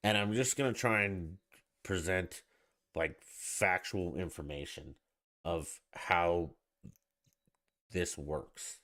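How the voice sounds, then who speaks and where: A man's voice: low voice, slow, long pauses, pushed and bright. A man hosting his own podcast alone, talking in a blunt, irritated and profane way. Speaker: podcast host. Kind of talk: casual solo podcast rant.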